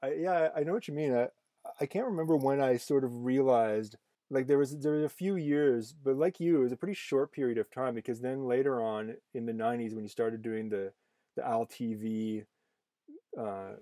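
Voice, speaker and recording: A man's voice: medium pitch, moderate pace, mellow, no room sound. Chatty man hosting a podcast. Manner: rambling, many fillers and restarts. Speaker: podcast host. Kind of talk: casual conversation.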